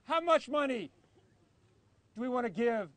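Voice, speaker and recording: Guy firing up a rally crowd outdoors, really high voice, chanting back and forth. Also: expressive, unhurried, a bit bright, no room sound. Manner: fiery, chanting call-and-response. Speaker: advocacy group speaker. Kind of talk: rally speech.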